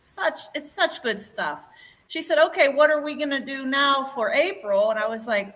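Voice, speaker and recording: A bubbly woman chatting on a livestream video call, her voice high and bright. She laughs often and gets emotional easily as she tells stories. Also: expressive, moderate pace, rough recording. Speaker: livestream co-host. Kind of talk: casual livestream chat.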